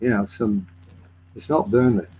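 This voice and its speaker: A man's voice: lowish voice, steady tone, a little slow, noisy background. A man from Lancashire with a Lancashire accent, chatting casually and telling laid-back anecdotes. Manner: laid-back storytelling, laughs along. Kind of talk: casual chat with banter.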